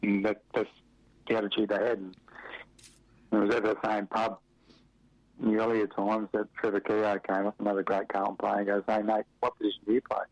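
A middle-aged Australian man, a former footballer from Western Australia, telling rambling anecdotes with chuckles and many fillers in a relaxed interview. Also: on the low side, normal speed, pauses often, no room sound. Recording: muffled dry radio recording.

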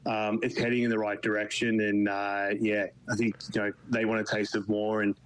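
An Australian man from Melbourne, interviewed on radio, talking in a halting way with many fillers and restarts. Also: lowish voice, little pitch movement, clear, resonant tone, low-quality recording. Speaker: guest, football club official in Canada.

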